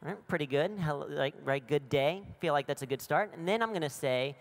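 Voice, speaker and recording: An American man in his thirties giving a comedic keynote talk on a conference stage, energetic and full of self-deprecating jokes. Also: on the high side, brisk. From United States. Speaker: conference speaker.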